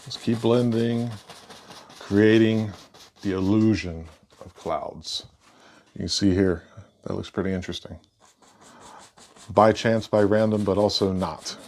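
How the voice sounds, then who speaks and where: A man giving a casual painting lesson, relaxed and thinking aloud as he works. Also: on the low side, vocal fry. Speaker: painting instructor.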